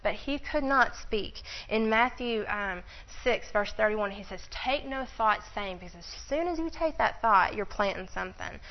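A woman teaches from the Bible in a loose, conversational sermon, often laughing and wandering into side remarks. Her voice sits at a middling pitch. The recording is a little dull and lo-fi. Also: lively intonation, normal speed, hardly any pauses. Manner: chatty, laughs often, frequent asides. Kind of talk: informal sermon.

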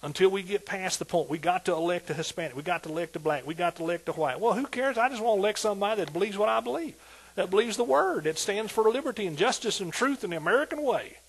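An older man, a pastor, preaching an animated sermon in a folksy, colloquial way and often asking whether his listeners are with him. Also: high voice, fast talker, husky, rough recording. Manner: animated preaching, asks "are you with me?" repeatedly.

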